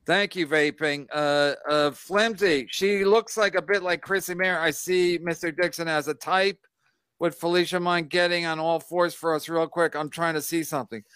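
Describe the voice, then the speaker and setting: A man with a bright, tense voice and a crisp, resonant tone hosts a loose podcast chat. He rambles and mocks in a profane way as he reads comments aloud. The sound is dry and close. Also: on the high side, steady tone, normal speed, no room sound. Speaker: show host.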